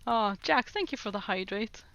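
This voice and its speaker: A woman's voice: mid-range voice, lively intonation, moderate pace, fairly bright tone. A woman streamer chatting casually with her chat, laughing often. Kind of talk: casual livestream chat, reading chat aloud.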